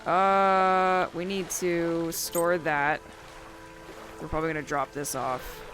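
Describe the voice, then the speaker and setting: Loud, swearing young woman streamer. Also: lowish voice, flat delivery, slow pace, over music. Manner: loud, profane, laughing banter. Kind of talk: casual game livestream chat.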